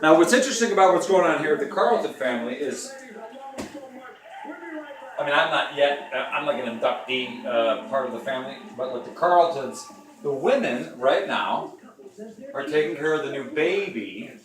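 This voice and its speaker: A man's voice: medium pitch, expressive, moderate pace, echoey room, far from the mic. A man hosting a joking home cooking demonstration, rambling with playful asides to the viewers. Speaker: home cooking show host.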